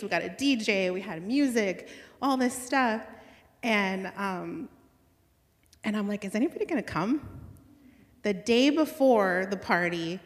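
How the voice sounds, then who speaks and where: A woman recounts a personal faith story, earnest and excited, dotting her sentences with "like" and little laughs. Her voice sits at an ordinary middle pitch. It rings out with a long reverb, as if spoken in a large hall. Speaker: speaker sharing a faith testimony.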